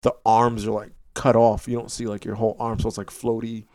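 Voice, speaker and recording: A man's voice: lowish voice, completely flat delivery, brisk, dark tone, dry recording. A man talking as a guest on a gaming podcast, rambling and hesitant with fillers, in casual chat.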